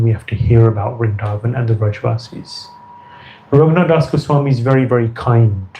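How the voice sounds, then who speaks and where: A man's voice: mid-range voice, warm tone, low-quality recording. A man giving an earnest devotional lecture as a spiritual teacher, often repeating phrases for emphasis.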